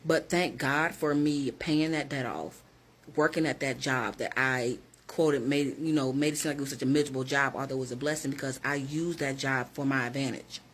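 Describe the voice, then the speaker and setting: A woman's voice: extremely low pitch, steady tone, normal speed, slight background noise. A woman who works as a hiring manager, talking straight to her viewers in a direct, emphatic motivational vlog.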